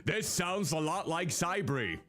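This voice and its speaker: A man's voice: on the high side, a little slow. A man streaming a life-sim game, giving casual commentary and talking to the characters on screen. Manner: animated, talks to the game characters. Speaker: VTuber streamer. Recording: faint game music behind.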